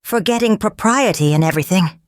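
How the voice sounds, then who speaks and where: A woman voicing a dreamy, romantic young lady in a storybook, speaking slowly. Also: medium pitch, lively intonation, no echo, studio quality, voice pushed up, natural voice.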